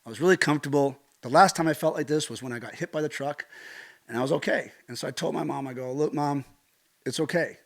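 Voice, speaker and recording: A middle-aged American man, a stunt coordinator, telling a vivid personal story with lively gestures and acted-out quotes. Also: a little high, fast talker, vocal fry. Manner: animated, acts out quotes, swears casually.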